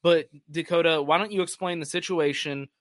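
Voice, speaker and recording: A man's voice: fairly high pitch, fairly even intonation, brisk, no room sound, studio quality. A man co-hosting a podcast in casual chat, laid back, reading out listener questions and steering the talk. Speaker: podcast co-host.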